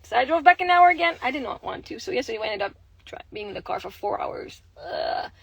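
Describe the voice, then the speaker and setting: High-voiced Québécois woman chatting candidly. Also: sing-song, quick pace, vocal fry, fairly bright tone, breathy edge, no echo, low-quality recording. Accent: Québécois French. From Quebec, Canada. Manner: candid, rambling, swears freely. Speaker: livestreaming mother. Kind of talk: casual livestream chat.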